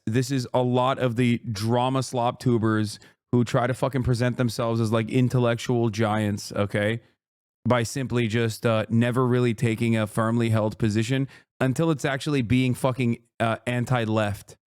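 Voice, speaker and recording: A man's voice: medium pitch, flat delivery, moderate pace, darkish tone, clean tone, dry recording, studio quality. A male streamer ranting in live commentary, profane and heated, with sarcastic mockery.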